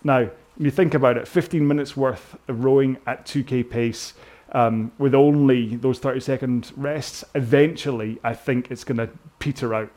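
A man's voice: mid-range voice, steady tone, moderate pace, darkish tone. A British man coaching a rowing workout indoors, chatting in a rambling, self-mocking way with jokey asides. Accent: British English.

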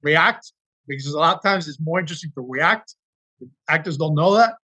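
A man's voice: a little high, moderate pace, bright, forceful tone, husky. A man, an actor, telling earnest, emotional stories from his work in a casual interview chat. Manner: earnest, emotional storytelling with restarts. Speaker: actor guest.

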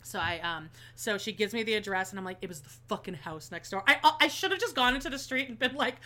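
A woman telling a story in casual chat, animated and swearing freely, acting out everyone she quotes. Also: medium pitch, fast talker.

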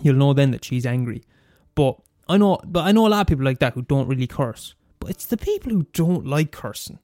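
Fairly quick and medium in pitch, the young Irish host of a student radio show curses freely through an animated, offhand monologue. He's in his twenties, and the dry recording carries soft background music.

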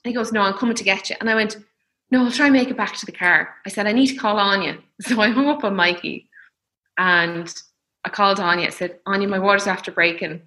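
Chatty Irish woman, bright voice. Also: mid-range voice, fast. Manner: chatty, laughs often, acts out quoted voices. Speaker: mother telling her birth story. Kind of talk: casual storytelling chat.

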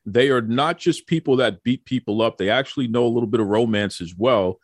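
A man's voice: mid-range voice, a little fast, dry recording. A man hosting a casual podcast chat, joking and teasing his guests, often repeating words as he talks. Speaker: podcast host.

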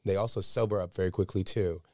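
This is a man with a low voice, speaking as the guest in an interview. He tells a candid personal story with earnest emphasis and often repeats words to drive a point home. The sound is dry and close, with no room around it. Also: fairly even intonation, fast, darkish tone, no room sound.

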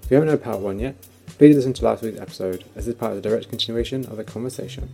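Brief: British male host reading a show intro, quick, dark and gravelly. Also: lowish voice, faint music behind. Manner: measured, announcing. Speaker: podcast host.

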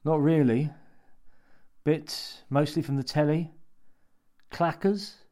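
Brief: man doing a timid, tearful drunk at a bar, thick voice, pitched up, audio drama. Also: steady tone, slow, mellow. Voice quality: low and thick. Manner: timid, frightened. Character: drunk despairing failed man.

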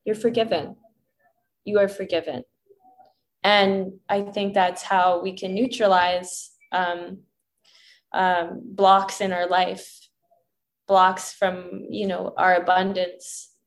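A woman guest in a casual spiritual chat, earnest and preachy, acting out gentle inner dialogue. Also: medium pitch, little pitch movement, slow.

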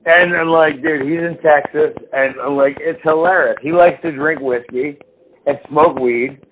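A man's voice: a little high, steady tone, measured pace. A man hosting a podcast in casual chat, profane and rambling, slipping into exaggerated impressions of people. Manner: profane, rambling, mimics people in big voices. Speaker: podcast host. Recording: phone-like lo-fi call audio with faint noise.

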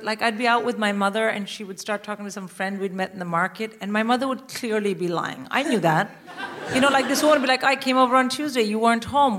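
A middle-aged woman from India telling a comic story on stage, acting out the quotes and swearing freely. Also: medium pitch. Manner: animated, swearing, acts out quotes. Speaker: guest comedian. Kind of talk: live stand-up storytelling. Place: live theatre stage with audience. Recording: loud noise from live venue.

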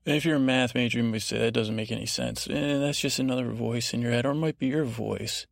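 Drowsy rambling man with a gravelly voice. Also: mid-range voice, steady tone, no echo, studio quality. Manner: rambling, drowsy, lulling, with halting restarts. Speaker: podcast host. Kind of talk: meandering bedtime monologue.

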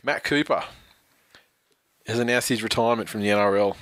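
A man's voice: fairly low pitch, brisk, a bit bright, no echo. A man reads out rugby league news and undercuts it with sardonic jokes and freely placed swearing. His voice is close and dry. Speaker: podcast host. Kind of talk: casual sports banter, reading news.

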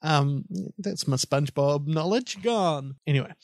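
A man's voice: on the high side, measured pace. A man co-hosting a casual film podcast, rambling and self-mocking with lots of fillers. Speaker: podcast co-host.

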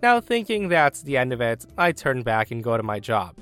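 Guy reading reddit stories, super expressive and sarcastic, little bit of music under it. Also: mid-range voice, normal speed. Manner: animated, chatty and sarcastic. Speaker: host narrating reddit stories. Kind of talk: storytelling narration.

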